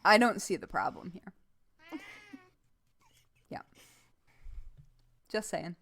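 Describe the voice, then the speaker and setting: A woman's voice: mid-range voice, very slow, a bit bright. A woman co-hosting a podcast in casual, rambling chat, joking about herself. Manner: rambling, self-deprecating, joking. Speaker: podcast co-host.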